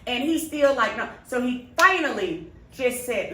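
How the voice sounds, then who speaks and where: A woman's voice: fairly high pitch, lively intonation, moderate pace, hardly any pauses, fairly bright tone. A woman co-hosting a podcast, telling a family story in casual chat and acting out the quoted lines. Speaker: podcast co-host. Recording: roomy, distant mic, faint noise.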